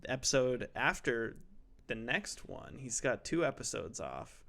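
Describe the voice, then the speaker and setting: A man's voice: mid-range voice, very animated, a little slow, gravelly, a bit bright. A young man hosting a casual podcast about games, joking and self-deprecating as he rambles through the intro. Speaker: podcast host. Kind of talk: casual chat.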